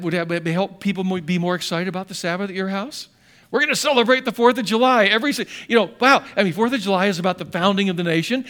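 High-pitched male pastor, dramatic sermon delivery, acts out quotes. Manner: dramatic, acts out quotes, shifts from loud to hushed.

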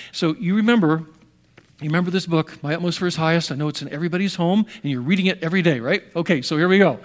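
An older American man preaching a sermon, telling stories animatedly with restarts and sound effects. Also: fairly high pitch. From United States. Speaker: pastor.

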